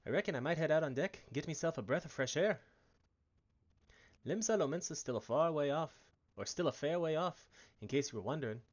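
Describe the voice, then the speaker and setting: A man's voice: fairly high pitch, animated, fairly quick, muffled recording. A man voicing a chatty, folksy male merchant aboard a ship, reading game dialogue with a wobbly attempt at an Irish accent. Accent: attempted Irish, drifting. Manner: folksy, slangy, wavering accent.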